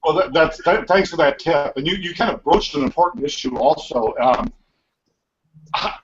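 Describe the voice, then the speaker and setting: A man's voice: a little high, moderate pace, a little hiss or hum. A man leading a casual group discussion, joking and asking the others for their thoughts. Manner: animated, joking, asks the group questions. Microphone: video call. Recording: dull lo-fi video call audio.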